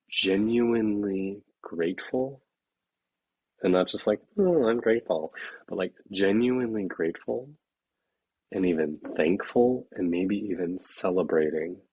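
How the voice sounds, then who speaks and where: A man's voice: deep voice, husky, no room sound, low-quality recording. A man talking earnestly and candidly in a reflective spiritual conversation, now and then swearing frankly.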